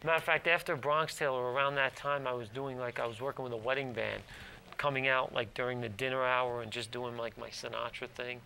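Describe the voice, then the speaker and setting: Male guest, gravelly, bright tone, chatty storyteller with restarts. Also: medium pitch, steady tone, brisk, slight background noise, low-quality recording. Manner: rambling, restarts, lots of "like". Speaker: actor, guest. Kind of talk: casual interview storytelling. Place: TV studio.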